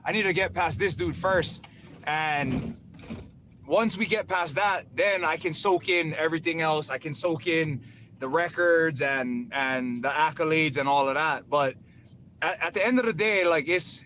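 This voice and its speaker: A man's voice: on the high side, measured pace, a little hiss or hum. A man, a professional fighter, calling into a radio show from his truck, talking with energy and easy slang. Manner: energetic, laid-back slang. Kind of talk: casual call-in interview.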